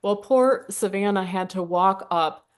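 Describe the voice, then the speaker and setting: A woman photographer from southern Indiana, a guest telling stories about her shoots in a casual interview and acting out her own quotes in a higher voice. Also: measured pace, clear, resonant tone. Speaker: senior portrait photographer, guest.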